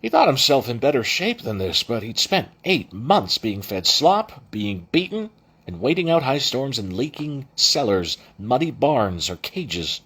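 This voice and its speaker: A man's voice: mid-range voice, sing-song, unhurried, fairly bright tone, slightly rough. A man reading a novel aloud as an amateur audiobook narrator, with frequent restarts and self-corrections. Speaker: audiobook reader.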